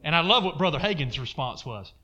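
A male preacher delivers a sermon with a high, lively voice that swoops up and down. His tone is bright and forceful. He punctuates his points with emphatic calls to the congregation. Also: fairly quick, dull audio. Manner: emphatic, call-and-response asides to the congregation.

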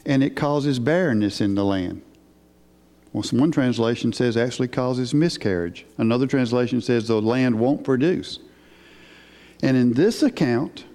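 A man preaching a sermon in an unhurried, emphatic way, asking his listeners questions. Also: medium pitch, darkish tone. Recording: hall with long reverb.

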